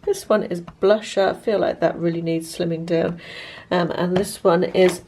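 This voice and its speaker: A woman, talking chattily and rambling through a casual vlog with many pauses. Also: on the low side, steady tone, darkish tone. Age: 50s. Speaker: lifestyle vlogger. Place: car, then at home.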